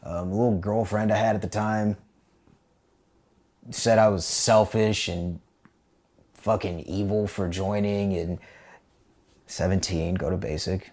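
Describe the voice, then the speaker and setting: A young American man, an army veteran and podcast guest, telling a story casually with lots of profanity and big swings in pitch and loudness. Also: fairly even intonation, measured pace, long pauses. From United States.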